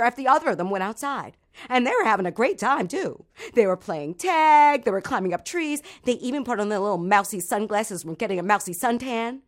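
A woman reading a children's bedtime tale, drawing out suspense with dramatic pauses and dropping her voice low before the big moments. Her delivery is animated and playful, made for young listeners. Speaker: storyteller.

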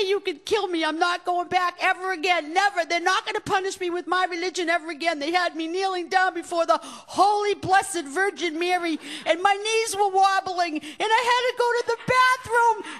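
A woman playing her younger self as a panicked, defiant little girl, shouting in a high frantic voice. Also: lively intonation, slow pace, full character voice. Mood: panicked defiance.

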